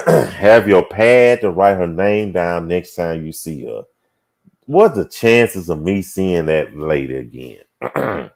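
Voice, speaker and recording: In a casual livestream chat, a male talk show host reads out viewer comments and muses on them with hums and sighs. His voice sits low and is a little mellow.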